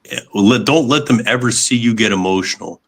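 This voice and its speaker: Man, low voice, podcast guest, calm and matter-of-fact. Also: a little fast. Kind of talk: casual podcast conversation.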